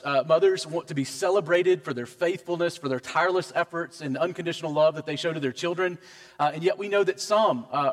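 A man preaching a sermon as pastor, in a conversational, measured manner. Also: on the high side, a bit bright, in a large hall.

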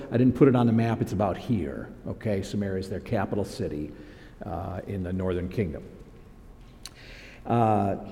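A male pastor preaching a sermon in a lively, conversational way, acting out scripture with quick changes of voice. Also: fairly low pitch, in a large hall.

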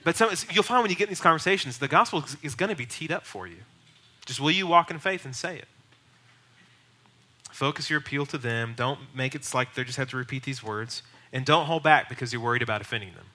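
Bold, sharp-voiced male pastor teaching. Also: medium pitch. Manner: bold, emphatic, urging. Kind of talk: teaching sermon.

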